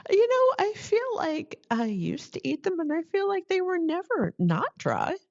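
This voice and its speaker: A woman's voice: very high-pitched, big pitch swings, measured pace, creaky, darkish tone, muffled recording. A woman co-hosting a casual chat, reacting with laughs and short replies. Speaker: podcast co-host.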